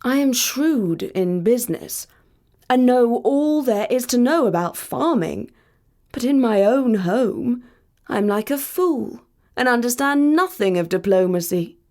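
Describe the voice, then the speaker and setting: A man's voice: very high-pitched, expressive, unhurried, a little mellow, voice pushed up, heavily acted. A woman reading the thoughts of a shrewd male merchant in a thoughtful, musing way. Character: shrewd merchant, ashamed and newly hopeful.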